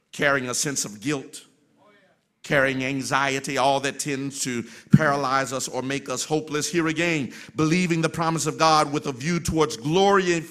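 A man preaching a sermon as pastor, swinging from soft, low passages to loud, shouted refrains.

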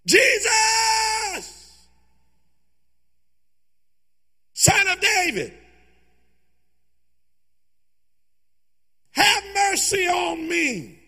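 Man doing a blind beggar guy yelling for mercy, raspy and high. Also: wildly swooping pitch, fairly quick, in a large hall, exaggerated voice. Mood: shouting. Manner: yelling, pleading, high-pitched. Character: desperate blind male beggar crying out loud.

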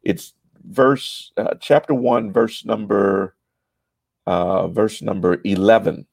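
A man teaching a church Bible study, halting and explanatory, with frequent fillers and repeated words. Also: on the low side, steady tone, gravelly, darkish tone, husky, dry recording.

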